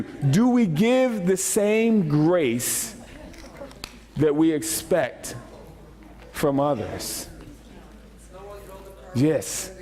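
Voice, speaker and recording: A pastor with a voice that sits high for a man preaches a lighthearted, informal sermon in a church sanctuary. Animated and full of jokes, he talks in rapid bursts, repeats phrases, and addresses the congregation directly.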